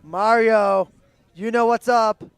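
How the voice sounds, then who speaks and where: A man's voice: high-pitched, steady tone, slow pace, clear, resonant tone, no echo. A man doing playful live-stream commentary at a sports event, teasing his co-host between announcements.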